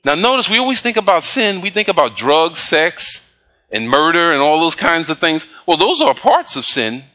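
A man preaching a sermon, reading scripture slowly and pausing to prompt the congregation with call-and-response questions. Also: fairly high pitch, sing-song, sharp tone. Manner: slow emphatic scripture reading. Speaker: pastor.

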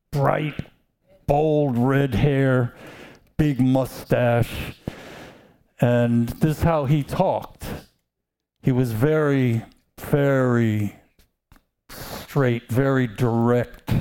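A man's voice: mid-range voice, dark tone, smooth. A man preaching a sermon, telling stories and asking the congregation to answer back. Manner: slow, emphatic, calls out to congregation.

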